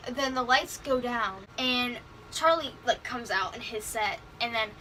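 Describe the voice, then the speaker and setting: A young woman telling an excited concert story in a vlog, gushing and filling her talk with "like" as she acts out what people said. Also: on the high side, unhurried, slight background noise, rough recording. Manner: gushing, heavy use of "like", acts out quotes. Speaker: concert fan vlogger. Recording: music playing clearly behind her.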